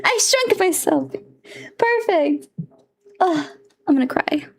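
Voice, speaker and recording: A VTuber streamer chats casually with her viewers on a live stream, her voice extremely high, expressive, slow and creaky. She's giggly and flustered, squealing often and talking to herself as she fixes her setup.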